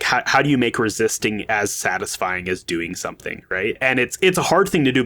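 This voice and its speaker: A man who designs games, talking as a guest in a casual podcast interview, enthusiastic and quick to laugh. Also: on the low side, a bit bright.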